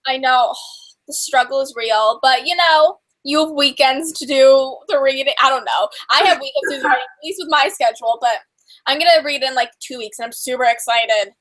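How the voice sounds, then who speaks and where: A woman's voice: high-pitched, a little fast, fairly bright tone, low-quality recording. A young woman hosting a casual live-stream chat, bubbly and rambling, full of fillers and restarts. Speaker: host.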